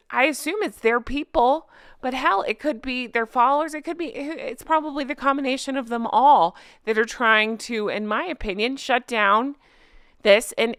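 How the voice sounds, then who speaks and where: A woman's voice: sits high, a bit bright, no echo, studio quality. A middle-aged woman hosting a commentary vlog, talking in a heated, indignant way and reading viewer comments aloud. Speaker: commentary channel host.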